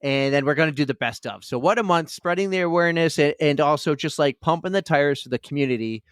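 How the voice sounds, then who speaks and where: A man's voice: on the high side, quick pace, smooth, dry recording, studio quality. A man with a Boston accent co-hosting a casual running podcast, upbeat and rambling. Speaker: podcast co-host.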